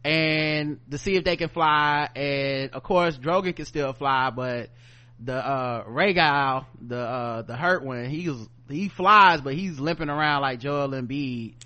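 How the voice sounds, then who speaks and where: A man's voice: medium pitch, measured pace, sharp tone. A man co-hosting a podcast, recapping a show animatedly, laughing often and acting out the characters in slang. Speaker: podcast co-host.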